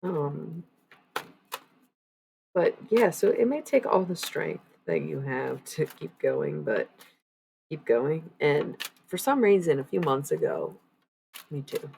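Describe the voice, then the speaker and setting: Low gravelly woman chatting on stream. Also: animated, slow, long pauses, a little mellow, a little hiss or hum, low-quality recording. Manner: loose and chatty, with many fillers and blunt swearing. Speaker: livestreamer giving oracle card readings. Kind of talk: casual live-stream chat with viewers.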